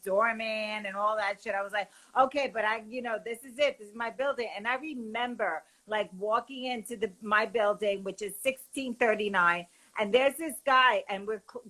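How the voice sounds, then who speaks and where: A woman from New joins a live stream over her phone as a guest. Her voice is high and bright, and she tells stories in a chatty, excitable way. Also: low-quality recording. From New York. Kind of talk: casual live-stream chat.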